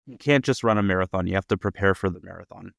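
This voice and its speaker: A man hosting a podcast interview, affirming his guest and asking measured questions. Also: deep voice, gravelly, dry recording, studio quality. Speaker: podcast host.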